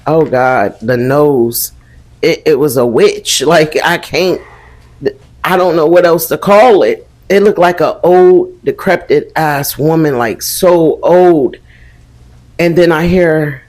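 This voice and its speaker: A man's voice: on the high side, expressive, measured pace. A man recounting a creepy personal experience, emphatic and swearing, talking to listeners as y'all. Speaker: storyteller in a social media clip.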